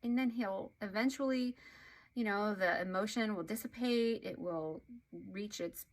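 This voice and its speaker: A woman's voice: mid-range voice, a little slow. Earnest woman therapist explaining. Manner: earnest, explanatory, animated emphasis. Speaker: relationship therapist. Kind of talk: educational talk to camera.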